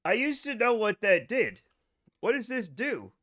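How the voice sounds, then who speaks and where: A man's voice: sits high, very animated, unhurried, a bit bright. A man hosting a casual game livestream from home, rambling and scattered, joking at his own expense. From United States. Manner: rambling, scattered, self-mocking. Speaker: game streamer.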